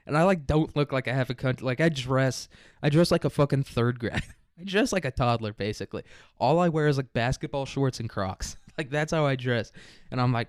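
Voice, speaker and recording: A man's voice: mid-range voice, moderate pace, a little mellow, smooth, dry recording, clean studio sound. A young man from the American Midwest hosting a podcast in a crude, rambling comedy monologue, laughing often. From Kansas City area, American Midwest. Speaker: podcast host.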